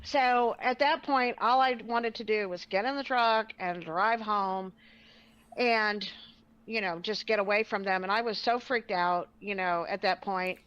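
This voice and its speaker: A woman's voice: medium pitch, steady tone, a little slow, a bit bright, clear, resonant tone. Rambling woman storyteller, muffled audio. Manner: rambling, acts out quotes with fillers. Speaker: podcast guest telling a story. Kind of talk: casual storytelling.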